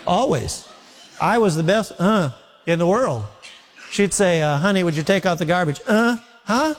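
Man, pastor, sermon, folksy and repetitive, slightly high voice, long hall reverb. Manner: folksy, repetitive preaching with homely stories.

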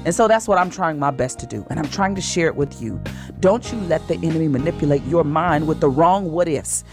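Slow soothing woman radio host. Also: sits low, music in the background. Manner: slow, soothing, preacherly encouragement. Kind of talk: inspirational morning devotional talk.

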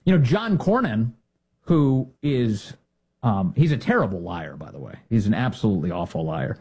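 A man's voice: lowish voice, very animated, normal speed, vocal fry, a little mellow, breathy edge. A man giving opinionated political commentary in a sarcastic, indignant way. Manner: sarcastic, indignant, mocking impressions.

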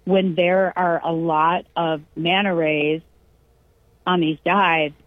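A woman from California telling a long family anecdote in casual chat, animated and acting out the quoted lines. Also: on the low side, slow, no room sound. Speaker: storyteller. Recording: tinny phone-line sound.

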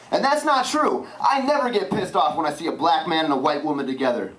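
Stand-up comic, man, high and lively voice, deadpan confessional delivery. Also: fairly quick. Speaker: stand-up comedian. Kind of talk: stand-up routine. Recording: roomy club with loud crowd noise.

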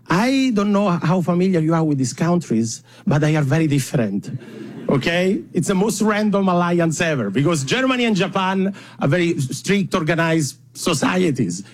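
Italian man doing lively stand-up. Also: high-pitched. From Italy. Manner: playful, self-mocking, laughing between lines, hesitant fillers. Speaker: stand-up comedian. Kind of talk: stand-up comedy set. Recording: live show with audience laughter. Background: crowd laughing.

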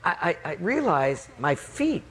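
A male preacher telling a personal story in a sermon, animated, with stammered restarts. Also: fairly high pitch, unhurried, noisy background.

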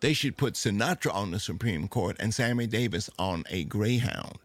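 A man's voice: fairly low pitch, lively intonation, normal speed. A man voicing a blunt, wisecracking woman backup singer. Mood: wry.

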